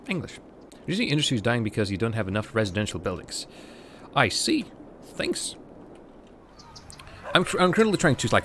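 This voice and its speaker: A man's voice: mid-range voice, a bit bright, a little hiss or hum. A man from Latvia, a native Russian speaker, doing live gameplay commentary, thinking aloud and chatting to viewers between game remarks. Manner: thinks aloud, rambling with fillers and restarts. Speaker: livestreamer.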